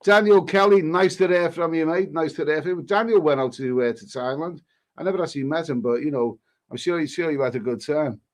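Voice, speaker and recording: On a live stream, a man with a somewhat higher voice reads viewer comments out loud and replies casually, haltingly and easygoing, often starting sentences over. He's a travel vlogger and coughs now and then.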